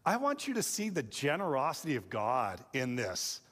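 Animated pastor, man, in echoing hall. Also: medium pitch, moderate pace. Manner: animated storytelling, mimics kids and parents. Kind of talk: sermon. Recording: long hall reverb.

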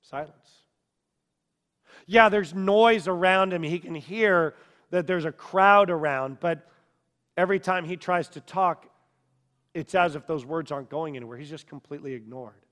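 Male preacher, high voice, dramatic sermon storytelling from hush to shout, long hall reverb. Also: unhurried, pauses often.

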